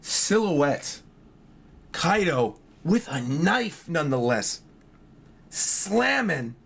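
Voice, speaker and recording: A hoarse man with a fairly high, husky voice reacts live to a new manga chapter for his stream. His pitch swings all over as he gets excited, reading along and thinking aloud to his viewers in an animated, chatty way. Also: extremely slow. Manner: excitable, chatty, reads along and talks to chat. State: hoarse from yelling the night before.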